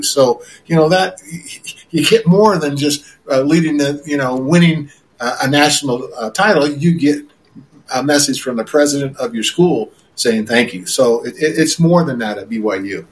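A man's voice: mid-range voice, moderate pace, rough recording. Older guy telling old football stories, lots of uh and you know, repeats himself. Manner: rambling, repeats words, many fillers. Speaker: interview guest, former quarterback. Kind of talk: relaxed reminiscing interview.

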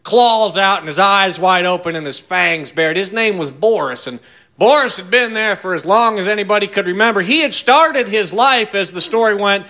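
Male yarn-spinner, folksy, wry, bright ringing tone. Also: high-pitched, moderate pace. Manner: folksy, wry, chuckling asides. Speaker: storyteller. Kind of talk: tall tale storytelling.

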